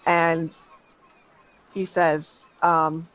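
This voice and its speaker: A game master narrates a tabletop game at an easy, unhurried pace, hesitant and full of fillers, often restarting phrases or letting them trail off before picking back up. His voice is medium in pitch. The audio is poor, with a little hiss or hum.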